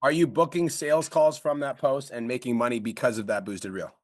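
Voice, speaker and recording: A man coaching on a call, blunt and profane, talking fast and pressing hard. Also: medium pitch, fairly even intonation, no echo, clean studio sound. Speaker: business coach.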